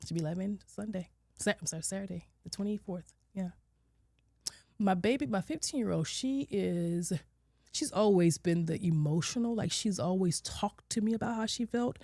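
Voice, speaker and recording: A woman in her forties, a social worker, telling her personal story as a podcast guest, candid, acting out her own and her children's words and sometimes dropping to a soft near-whisper. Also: mid-range voice, normal speed, vocal fry, no echo. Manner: candid, quotes herself and her kids with lively shifts, drops to soft near-whispers. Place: podcast studio.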